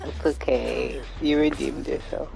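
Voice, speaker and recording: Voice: mid-range voice, fairly even intonation, a little slow, gravelly, poor audio. A live streamer chatting casually and rambling through gameplay commentary, sometimes swearing when frustrated.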